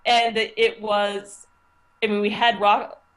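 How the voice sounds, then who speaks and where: Speaking slowly in a level, medium-pitched voice with a bit of brightness, an American woman in middle age, a teacher, thoughtfully narrates her experiences in a casual interview, with many restarts.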